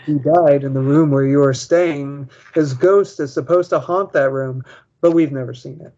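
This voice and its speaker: Wry, rambling man, slightly high voice. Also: normal speed, mellow, lo-fi sound. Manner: rambling, wry, joking asides. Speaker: podcast co-host reading a children's book. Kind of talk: casual podcast chat, reading aloud and commenting.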